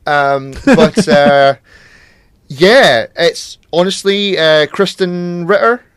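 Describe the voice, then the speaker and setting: A man's voice: fairly high pitch, extremely slow, clean tone, no room sound, studio quality. A man co-hosting a podcast in casual chat, rambling with many fillers and plenty of swearing. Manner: rambling, hesitant, swears freely. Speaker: podcast co-host.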